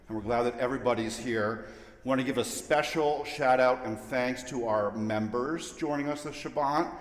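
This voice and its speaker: A man's voice: mid-range voice, moderate pace. Man leading a service: joking, chatty welcome, recorded in a reverberant hall. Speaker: service leader. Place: large sanctuary. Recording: echoey hall with long reverb.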